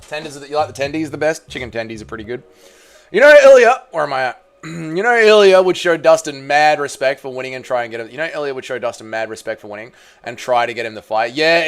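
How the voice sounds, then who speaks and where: A man's voice: a little high, a bit bright. A man hosting a casual fight watch-party stream, reading chat messages and bantering crudely while eating. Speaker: livestream host.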